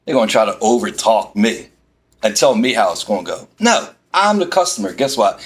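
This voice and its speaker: A man's voice: fairly low pitch, moderate pace. Exasperated man ranting. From Philadelphia. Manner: exasperated, animated storytelling with quoted back-and-forth. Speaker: vlogger. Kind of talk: ranting storytime vlog. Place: inside a parked van.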